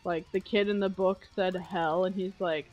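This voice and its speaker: A young woman chatting casually on a stream, telling animated school stories and slipping into playful voices. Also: on the low side, moderate pace, lo-fi sound, soft background music. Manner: animated storyteller who jumps into playful voices.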